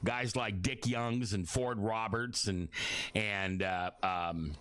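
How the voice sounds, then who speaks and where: A man's voice: lowish voice, fairly even intonation, slow, fairly bright tone, clean tone, no echo. A middle-aged man hosting a casual talk radio show from a studio, rambling and apologetic as he reminisces. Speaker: radio and webcast host.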